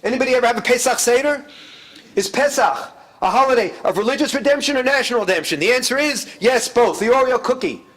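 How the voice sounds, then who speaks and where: Middle-aged man, lecture, wry anecdotes, high-pitched, lively swings in pitch. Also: fast. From United States, New York. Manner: wry storyteller, shifts pitch widely for quoted voices. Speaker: guest speaker, historian.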